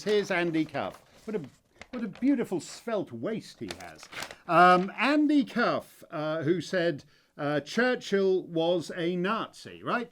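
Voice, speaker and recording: A man's voice: high-pitched, fairly bright tone. Rambling wry male commentator. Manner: rambling, frequent "uh" fillers and restarts, wry asides. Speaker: host. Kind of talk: casual spoken commentary.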